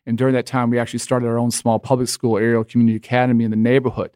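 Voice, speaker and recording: A middle-aged man answers questions in a measured, earnest tone. His voice sits at a middle pitch and is recorded close and dry, with no room echo. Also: little pitch movement, mellow, clean tone. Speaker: interview guest, education leader. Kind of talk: conversational interview.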